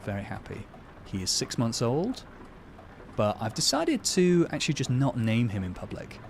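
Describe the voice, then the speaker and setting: A man's voice: medium pitch, huge pitch swings, normal speed, slight background noise. A man chatting casually with his live-stream viewers while playing a truck game, joking about himself and answering their messages. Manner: chatty, self-deprecating, reads out and answers chat.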